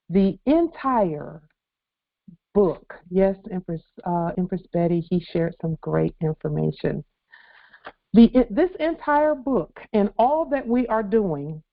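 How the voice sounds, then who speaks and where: A woman's voice: mid-range voice, vocal fry. A woman leading a weekly conference-call assembly, speaking earnestly and repeating key phrases for emphasis. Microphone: phone. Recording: tinny conference phone line.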